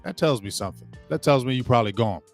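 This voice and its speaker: A man's voice: mid-range voice, expressive, fast talker, soft background music. A man hosting his own sports show, ranting in a heated, repetitive way, restarting words and mocking the people he quotes. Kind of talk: opinionated sports commentary rant.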